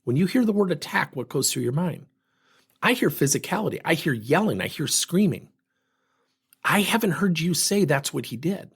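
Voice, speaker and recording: Husky, animated male speaker. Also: fairly high pitch, normal speed. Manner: animated, acts out both sides of dialogues. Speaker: host. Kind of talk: storytelling talk on communication.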